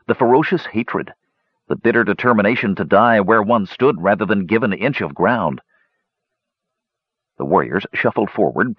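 Male fantasy audiobook narrator, low and husky, lively delivery, dull dry audio. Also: no room sound. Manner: expressive storytelling.

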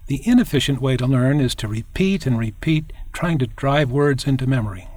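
A man narrating a scripted language lesson, explaining clearly and demonstrating tones. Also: mid-range voice, lively intonation, a little fast, a little mellow.

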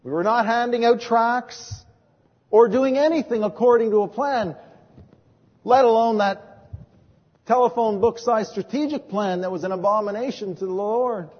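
High-voiced preacher in a reverberant hall. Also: male voice, normal speed. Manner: earnest storytelling, acts out quoted dialogue. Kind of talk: sermon. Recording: dull lo-fi audio with long hall reverb.

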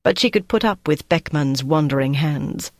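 An audiobook narrator reading a novel in an even, measured storytelling manner. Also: mid-range voice, dry recording, clean studio sound. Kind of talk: scripted narration.

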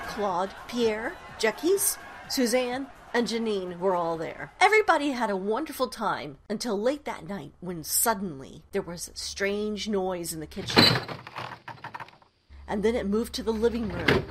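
A woman reading a children's story aloud in an expressive, sing-song storytelling manner. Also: medium pitch, very noisy.

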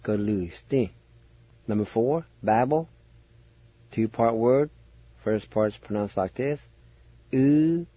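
A man teaching word spellings and pronunciation on a radio show, spelling letter by letter in a slow, patient way. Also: mid-range voice, mellow, no room sound, dull audio. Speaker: language teacher and radio host.

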